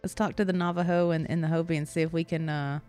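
Low-voiced deadpan female co-host. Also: fast talker, smooth, soft background music. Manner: deadpan, irreverent, swearing. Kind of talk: casual comedic chat.

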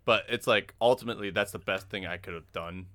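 A young man with a somewhat low voice co-hosts a casual podcast. He tells stories with animation and acts out the quotes. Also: fairly quick, sharp tone. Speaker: podcast co-host.

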